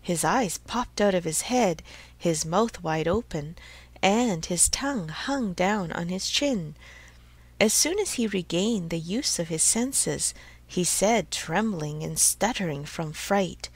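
A woman slowly narrating a storybook for English learners, in a clear, expressive reading. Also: fairly low pitch.

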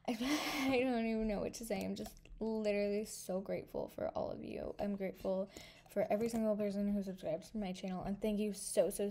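A woman hosting a gaming video, gushing and excitable with frequent gasps, thanking her viewers warmly. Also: mid-range voice, slight background noise. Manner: sentimental thank-yous to viewers. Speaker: gaming channel host. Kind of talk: casual gameplay commentary.

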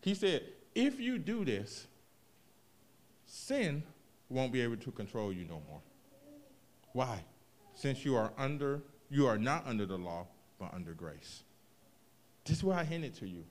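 Lively, expressive male preacher. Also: medium pitch, unhurried, pauses often. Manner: expressive preaching, swings from quiet to loud, vernacular asides. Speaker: pastor. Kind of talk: sermon.

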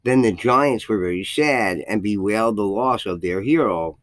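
In a low-quality but echo-free recording, a man whose voice sits on the low side reads a folk tale at normal speed before offering commentary. He is a channel host, and his reading leans on old-fashioned wording. Quoted speech gets a louder delivery, and he now and then stumbles and starts over.

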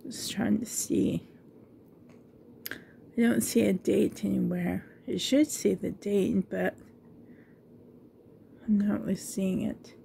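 A woman's voice: mid-range voice, fairly even intonation, measured pace, gravelly, long pauses, mellow, a little hiss or hum. A middle-aged woman vlogging in a casual, rambling way, chatting to camera and laughing often.

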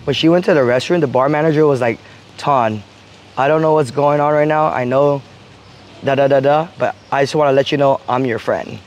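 A man's voice: medium pitch, a little fast, dull audio, a little hiss or hum. A man telling a heated, profane story to his stream, quoting what he said. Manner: heated, profane, quotes himself. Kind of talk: casual storytelling.

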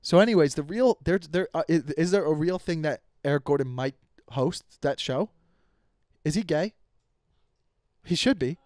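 A young man rants on his comedy podcast in a slightly high voice, swearing freely and tripping over his own sentences as he restarts them. The sound is close and dry, with no room around it. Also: normal speed, darkish tone, dry recording. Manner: profane, rambling with many restarts. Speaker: podcast host. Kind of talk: casual comedic rant.

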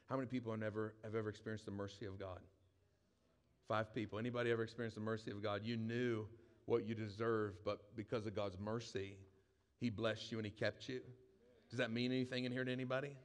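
A pastor preaching a conversational sermon to a live congregation, often asking the room questions. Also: male voice, mid-range voice, steady tone, fairly quick, faint music behind. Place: church hall with live audience.

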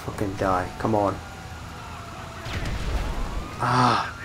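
A young man giving casual let's-play commentary, muttering and swearing at the screen, with sudden loud bursts when he wins. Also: lowish voice, steady tone, extremely slow, heavy background noise. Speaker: gameplay commentator.

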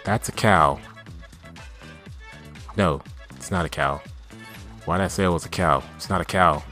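A man doing let's play commentary, swinging between chatty self-talk and loud, swearing outbursts at the game. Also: sits low, measured pace, faint music behind. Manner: excitable, yelling and swearing at the game.

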